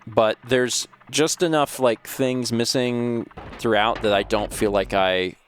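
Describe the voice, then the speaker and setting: A man's voice: medium pitch, fairly even intonation, takes it slowly, slight background noise. A young adult man giving casual gameplay commentary as a streamer, chatting to himself while he plays.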